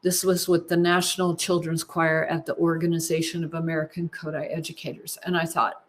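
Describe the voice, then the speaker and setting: A woman in her fifties, a choral music clinician, giving a teaching session at a conference in an unhurried, explaining way. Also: low-pitched, level tone.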